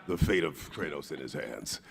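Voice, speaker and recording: Low gravelly-voiced man telling a story. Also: a crowd in the background. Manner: halting, many fillers. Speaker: actor on a convention panel. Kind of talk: panel anecdote.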